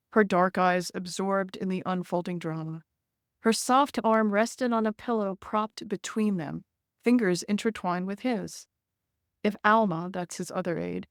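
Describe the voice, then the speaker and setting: A woman author reading her memoir in a measured, gentle way, then talking casually with frequent fillers. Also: mid-range voice, dry recording, studio quality.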